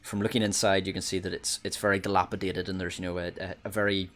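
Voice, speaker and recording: A man's voice: deep voice, flat delivery, fast talker, fairly bright tone. A man narrating as game master of a tabletop game, hesitant, full of ums and restarts.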